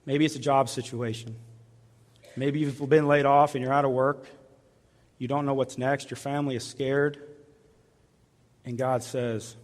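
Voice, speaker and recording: A man preaching a sermon with earnest, repeated appeals, often dropping to soft, hushed tones. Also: a little high, steady tone, measured pace. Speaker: pastor. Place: large church hall. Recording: reverberant church hall.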